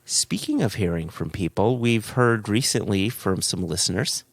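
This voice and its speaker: A man's voice: lowish voice, lively intonation, normal speed, creaky, dry recording. A man co-hosting a podcast, chatting casually and reading listener emails aloud, often laughing as he goes. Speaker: podcast co-host.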